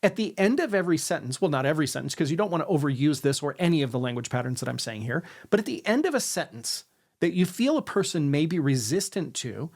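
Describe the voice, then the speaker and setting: A man with a somewhat raised pitch delivers an instructional lesson on persuasion. He often checks in with "right?" and deliberately lets his sentences drop at the end. The delivery is that of a coach talking straight to camera. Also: very animated, a little mellow. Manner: demonstrates intonation, ends sentences on a lower note; tags questions with "right?". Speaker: sales and influence coach.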